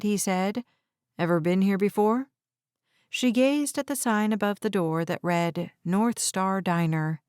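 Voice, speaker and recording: A woman narrating an audiobook in a measured, even storytelling voice on a close mic. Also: mid-range voice, smooth, no room sound.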